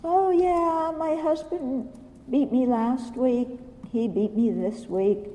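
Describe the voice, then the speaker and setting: A woman's voice: sits high, slow, mellow, long reverb tail. A woman acting out a meek woman who shrugs off her husband's abuse in a mock-cheerful, sing-song voice.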